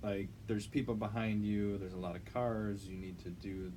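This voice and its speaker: A man's voice: lowish voice, fairly even intonation, normal speed, warm tone, slight background noise, rough recording. A young man co-hosting a podcast, telling a rambling story in casual chat, correcting himself and swearing now and then. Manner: rambling, self-correcting, swears when retelling anger. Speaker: podcast co-host.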